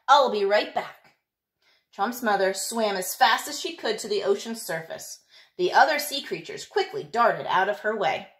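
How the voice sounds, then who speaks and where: A woman teacher reading a picture book aloud, in an expressive, lilting storytelling manner. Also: medium pitch, normal speed.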